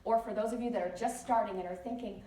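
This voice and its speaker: A woman speaker giving a lively motivational talk at a conference, telling stories with many chatty asides. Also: a little high, fast talker. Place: large conference hall. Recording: echoey hall, distant mic, faint noise.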